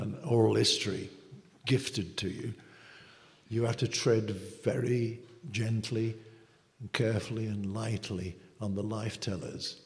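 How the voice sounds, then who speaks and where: Man, gravelly low voice, measured and reflective, long hall reverb. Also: a little mellow. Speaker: folk musician guest. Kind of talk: interview.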